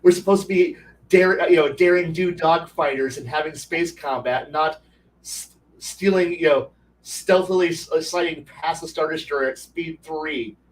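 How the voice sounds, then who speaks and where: A man's voice: a little high, moderate pace, recorded from a distance, a little hiss or hum, poor audio. A man hosting a casual talk stream, rambling with many restarts and swearing, and acting out other people in a raised voice as he tells stories. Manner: animated storyteller, acts out quotes in a raised voice. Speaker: podcast host. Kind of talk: casual ranting chat.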